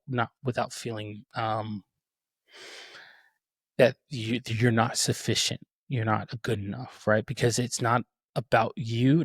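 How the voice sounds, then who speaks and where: A man's voice: medium pitch, no room sound, clean studio sound. A man in his thirties, a podcast host telling a personal story in an earnest, reflective way with many restarts. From Texas. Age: 30s.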